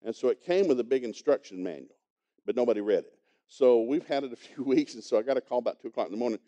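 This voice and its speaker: A man preaching, winding a folksy story into his sermon and chuckling along the way. He talks quickly. His voice is very dark and mellow, at a middle pitch. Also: expressive, highs cut off. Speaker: pastor teaching a congregation.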